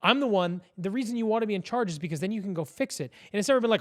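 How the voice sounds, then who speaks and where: A man's voice: sits high, animated, racing. A man speaking as a podcast guest in casual political chat, blunt and opinionated, with some swearing. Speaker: podcast guest, business owner.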